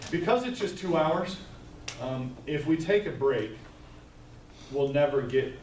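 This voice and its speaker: A man's voice: on the high side, expressive, measured pace, a little mellow. Man giving a staff training in an echoey room. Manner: conversational, storytelling, tags points with "right?". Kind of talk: live training presentation. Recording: echoey room, mic far off, faint noise.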